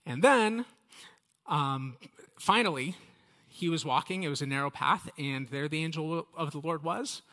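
A man leading a relaxed Bible study, chatty and conversational as he talks straight to his listeners. His voice sits a little high and sounds bright and clear. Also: measured pace. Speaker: Bible teacher. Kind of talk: casual Bible study teaching.

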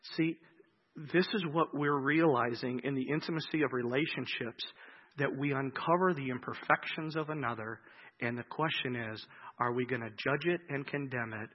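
A man preaching a sermon as pastor, swinging between loud, emphatic acted-out quotes and slow, soft reflection. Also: mid-range voice, muffled recording.

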